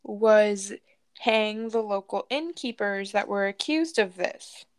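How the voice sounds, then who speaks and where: A woman's voice: medium pitch, takes it slowly, clean tone. A woman co-hosting a casual podcast, telling a creepy true story with lots of laughs and swearing. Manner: laughing, profane, joking storyteller. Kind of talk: casual true-crime chat.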